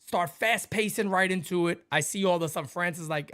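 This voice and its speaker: A middle-aged man hosting a casual sports podcast, an animated storyteller who laughs often and acts out squeaky voices. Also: normal speed. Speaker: podcast host.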